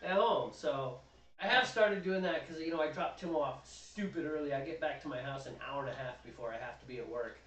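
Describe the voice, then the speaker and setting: A man's voice: on the high side, fairly quick, fairly bright tone, a little hiss or hum. A man co-hosting a homebrewing livestream, chatting casually and teasing viewers with jokes. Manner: joking, teasing banter. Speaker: homebrewing show co-host. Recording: roomy, distant mic.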